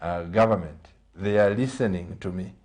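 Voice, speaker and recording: Man telling an animated anecdote. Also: sits low, moderate pace. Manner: animated anecdote teller, acts out quoted dialogue. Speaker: guest. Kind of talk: storytelling in a TV interview.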